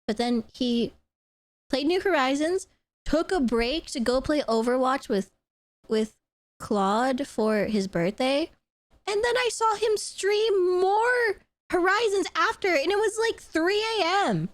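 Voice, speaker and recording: A young woman streams and chats, excitable and gushing, often breaking into laughter and swearing casually. Her voice sits high and swings widely in pitch. The sound is dry and close. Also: slow, no room sound. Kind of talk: casual live-stream chat.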